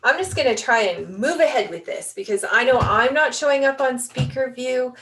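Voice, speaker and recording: A woman hosting a spiritual online session, speaking gently and meditatively over a video call. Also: high voice, normal speed. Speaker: session host.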